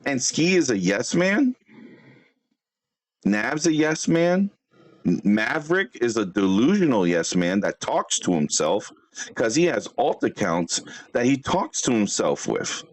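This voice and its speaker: A man's voice: mid-range voice, very animated. Brash trash-talking man streaming. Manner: brash trash-talking, swearing, fast bursts. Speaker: livestream host. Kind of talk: livestream roast rant.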